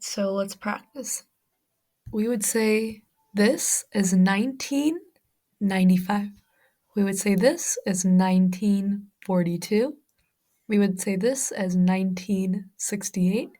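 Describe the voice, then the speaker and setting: An American woman teaching English as a second language. She explains patiently, one step at a time, and walks through examples. Her voice sits at an ordinary middle pitch. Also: darkish tone. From United States. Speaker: ESL teacher.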